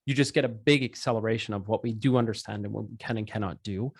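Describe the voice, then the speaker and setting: A man who founded a startup, talking energetically and with self-deprecation as a guest in a casual interview. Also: on the low side. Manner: energetic, self-deprecating, talks in quick bursts.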